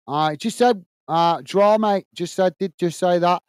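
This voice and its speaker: A man hosts a casual live stream and reads viewer comments aloud, with lots of friendly uhs. His voice sits high and comes across smooth and clean. The sound is dry and close. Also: a little slow, dry recording. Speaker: host reading live chat.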